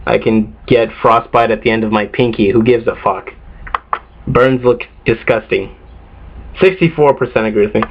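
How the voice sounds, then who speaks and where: A man's voice: fairly low pitch, normal speed, slight background noise. A teenage boy vlogging in a casual, rambling way, offhand and swearing a lot, tired from lack of sleep. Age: teens. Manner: profane, offhand, self-mocking. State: sleep-deprived. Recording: dull lo-fi home recording.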